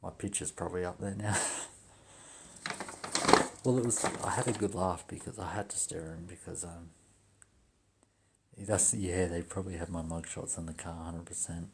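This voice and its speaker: A young man telling a story on a livestream in a profane, swaggering, animated rant. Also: low-pitched, normal speed, creaky, long pauses, slight background noise. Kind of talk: ranting casual storytelling.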